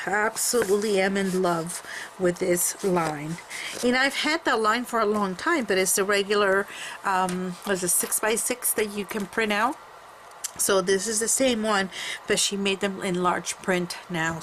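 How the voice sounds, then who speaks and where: A woman's voice: mid-range voice, measured pace, fairly bright tone, a little hiss or hum, rough recording. Chatty woman showing a handmade album. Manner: chatty and rambling, with many fillers and restarts. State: coughing from allergies. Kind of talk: casual show-and-tell.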